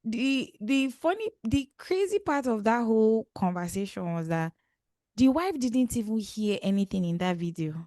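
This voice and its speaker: Lively Nigerian woman co-host, dry sound. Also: on the high side, moderate pace, no room sound. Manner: lively, opinionated, laughs often. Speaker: podcast co-host. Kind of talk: casual banter.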